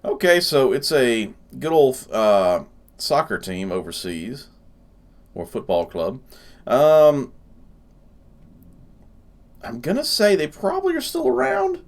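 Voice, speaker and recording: A man hosting a gaming channel, giving casual gameplay commentary while thinking aloud and laughing often. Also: medium pitch.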